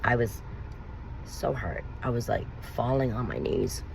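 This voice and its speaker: Gravelly-voiced woman telling a raw story. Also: very deep voice, lively intonation, a little slow, background noise. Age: adult, mother of young children. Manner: emotional, rambling, raw. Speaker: vlogger telling her own story. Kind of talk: confessional storytelling.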